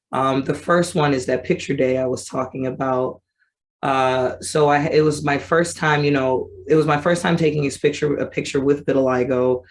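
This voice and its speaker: A woman in her thirties telling her personal story as an advocate, conversational and animated, acting out her remembered thoughts. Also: rumbling low. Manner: conversational with frequent fillers. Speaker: vitiligo advocate.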